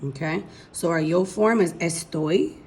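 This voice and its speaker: A Spanish teacher gives a recorded language lesson, explaining things patiently one step at a time and checking in with her students. Her voice is fairly low, unhurried, a little mellow, and husky.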